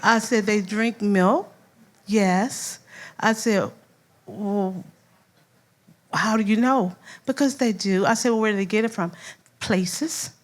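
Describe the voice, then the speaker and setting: A woman's voice: mid-range voice, measured pace, pauses often. An older woman from Louisiana with a Southern accent, a first-grade teacher giving a heartfelt speech and acting out her students' voices as she tells stories. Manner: animated storyteller, acts out voices, laughs often. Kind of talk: heartfelt speech at an awards event.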